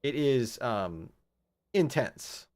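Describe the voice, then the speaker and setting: This man's medium-pitched voice is animated yet a little mellow, and he speaks extremely slowly. Streaming a game from home, he keeps up casual gameplay chat, thinking out loud with plenty of fillers.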